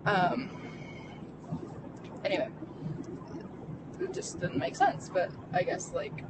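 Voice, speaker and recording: A young adult vlogger telling a personal story from inside a car, halting and full of fillers and restarts. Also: medium pitch, very animated. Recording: vehicle noise behind. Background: car road noise.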